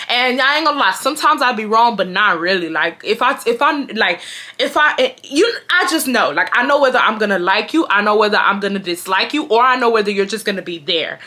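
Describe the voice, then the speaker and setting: Rich: A young woman with a bright, forceful tone tells a casual storytime vlog. She talks in an animated, slangy and emphatic way, calling her viewers y'all. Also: mid-range voice, a little fast. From Houston, Texas. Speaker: YouTuber.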